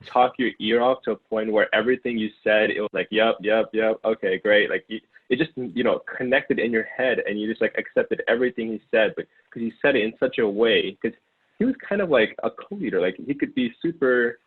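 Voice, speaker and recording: A man's voice: medium pitch, fairly quick, breathy edge. A man in his twenties, from Ukraine, talking casually as an interview guest and rambling with lots of fillers and restarts. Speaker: guest, former sales intern. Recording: tinny phone-like line.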